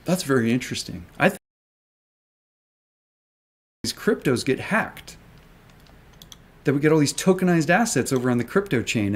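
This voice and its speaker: A man's voice: medium pitch, breathy edge. A man ranting on a live stream, angry and sarcastic, swearing and taunting with rhetorical questions. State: agitated. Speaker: stock market commentator.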